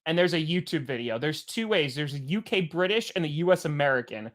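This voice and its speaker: A man's voice: on the high side, animated, a little fast, fairly bright tone. A man co-hosting a casual sports podcast, laughing often and trailing off into restarts. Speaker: podcast co-host.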